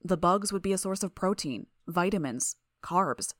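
A woman narrating a first-person fiction audiobook in a steady, even way. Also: fairly low pitch, moderate pace, no echo, clean studio sound.

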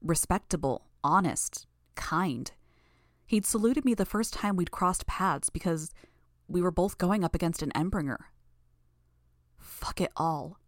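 A woman's voice: on the low side, measured pace, no echo, studio quality. A woman narrating a fan audiobook in the first person, tense and intense. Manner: tense, intense, building anger.

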